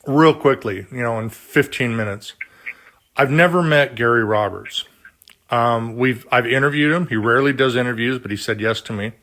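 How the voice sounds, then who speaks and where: A man's voice: medium pitch, normal speed, fairly bright tone. A man hosting an interview, chatty and rambling as he introduces his guest. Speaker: interview host. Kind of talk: casual interview chat.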